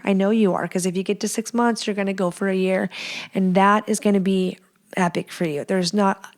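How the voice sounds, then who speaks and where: A woman in her thirties hosts a podcast, her mid-range voice a little mellow. She hands out candid, blunt advice, swears freely, and acts out the people she quotes.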